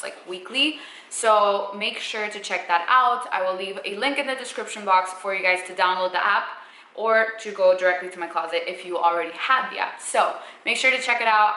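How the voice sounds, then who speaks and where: Chatty bright-voiced young woman vlogger. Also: fairly low pitch, echoey room, slight background noise, low-quality recording. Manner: chatty, filler-heavy, upbeat. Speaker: fashion vlogger. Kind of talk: casual try-on haul talk. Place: room at home. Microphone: camera mic.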